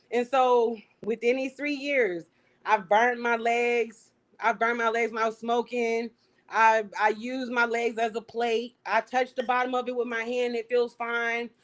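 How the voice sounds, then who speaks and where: A young adult woman telling a personal story as an interview guest, animated and acting out what she said back then. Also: a little high. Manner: animated, acts out her own past lines.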